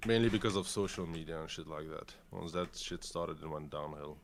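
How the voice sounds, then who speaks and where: A man's voice: extremely low pitch, brisk. A man from Europe talking as a guest in a casual chat, blunt and wry.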